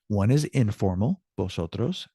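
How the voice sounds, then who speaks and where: Older male teacher, low-ish voice, chatty explainer, dry sound. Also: lively intonation, normal speed, creaky, warm tone, slightly rough, dry recording. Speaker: Spanish teacher. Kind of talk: classroom lesson.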